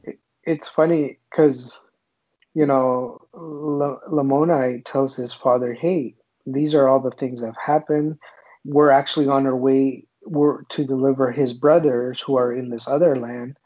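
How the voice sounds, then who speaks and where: A man's voice: mid-range voice, fairly even intonation, dark tone, low-quality recording. A man in a casual religious discussion, retelling scripture passages and acting out the quotes with frequent restarts. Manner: paraphrases scripture with acted-out quotes, halting restarts. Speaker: podcast co-host discussing scripture.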